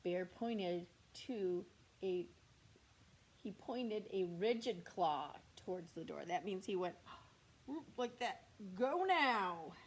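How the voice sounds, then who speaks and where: A woman teacher reading a picture book aloud to young children, slow and expressive, with whispered asides to the class. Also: fairly low pitch, a little hiss or hum. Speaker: kindergarten teacher.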